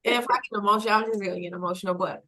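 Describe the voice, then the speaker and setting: A woman talking in a conversation, reflective and halting, with many fillers and a rising emotional intensity. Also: medium pitch, sharp tone, poor audio. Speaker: guest.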